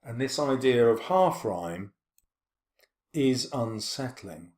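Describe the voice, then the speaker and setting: A man teaching a poetry lesson, explaining steadily with frequent ums and slowly stretching out quoted words. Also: mid-range voice, animated, darkish tone, roomy sound. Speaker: English teacher.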